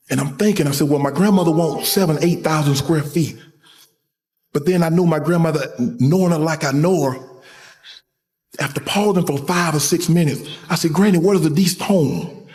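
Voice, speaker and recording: A middle-aged man speaks in a somewhat high voice, his words trailing off into a long, echoing hall. He tells a personal story as a motivational talk, slowing and softening when it turns emotional. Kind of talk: motivational speech. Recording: reverberant hall.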